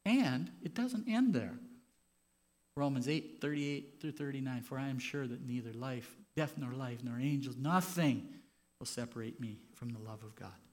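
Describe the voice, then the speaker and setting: A man preaching a sermon as pastor in a church, moving from quiet, personal reflection to loud, impassioned stretches. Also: medium pitch, fairly even intonation, moderate pace.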